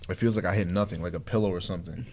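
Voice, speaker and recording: A man with a low voice chats on a podcast, asking about knockouts and recalling his own. He keeps it slangy and loose, with quick reactions. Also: fairly even intonation, a little mellow. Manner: short reactions and slang-heavy remarks. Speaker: podcast co-host and fighter. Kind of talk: casual podcast chat.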